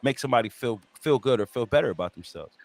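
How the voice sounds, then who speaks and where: Fast-talking male podcast host. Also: medium pitch, no room sound. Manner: animated, rambling questions with slang. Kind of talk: casual interview conversation.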